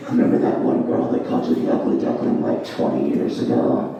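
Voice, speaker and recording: A man voicing his own sneering inner monologue as a very deep, slow, mocking voice. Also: steady tone, warm tone, distant mic, dull audio. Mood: taunting. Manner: taunting, mocking, slow drawl. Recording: echoey club, mic heard from afar.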